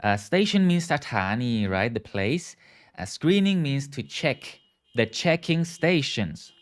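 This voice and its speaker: A man's voice: medium pitch, very animated, slow. A man teaching English live, explaining words and asking viewers to repeat after him. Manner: frequent "okay" and "right" checks. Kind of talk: live online English lesson.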